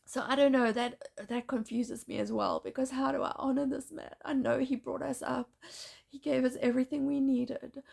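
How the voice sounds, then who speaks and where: A woman speaking in a distressed, halting personal monologue, pleading and breaking off mid-sentence. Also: sits high, fairly even intonation, vocal fry, darkish tone, husky. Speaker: mother in a custody dispute.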